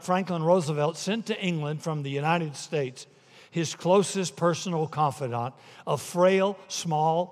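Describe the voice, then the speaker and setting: Pastor, male, fairly high voice, storytelling sermon delivery, long hall reverb. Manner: storytelling, building to emphatic peaks then dropping soft.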